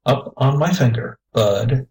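A man reading the part of a young boy on a space trip, speaking slowly and earnestly. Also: mid-range voice, darkish tone, close to an everyday voice, poor audio.

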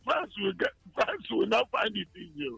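Caller, man, high bright voice with grit, dry sound, faint music behind. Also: sing-song, normal speed, vocal fry, husky, no room sound, low-quality recording. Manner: hesitant, full of fillers. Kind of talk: phone-in call.

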